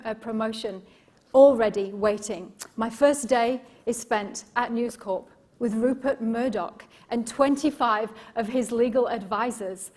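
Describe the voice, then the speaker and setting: A middle-aged woman from Yorkshire with an English accent, giving a live motivational keynote as a coach, telling stories with emphatic repetition and questions to the audience. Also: a little high. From Yorkshire, England. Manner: expressive storytelling, emphatic repetition, engages audience.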